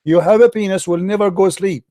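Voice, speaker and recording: Male debater, insistent and combative, mellow but high voice, dry close sound. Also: steady tone, a little fast, no room sound. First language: Arabic. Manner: insistent, repeats yes-or-no demands. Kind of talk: heated online debate.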